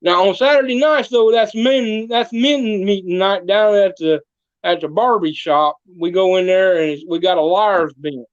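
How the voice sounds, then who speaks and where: A man with a voice that sits high speaks at a measured pace, recorded dry with dull audio. Playing a small-town mayor, he spins comic tall tales in a podcast interview, folksy throughout and voicing the people in his stories.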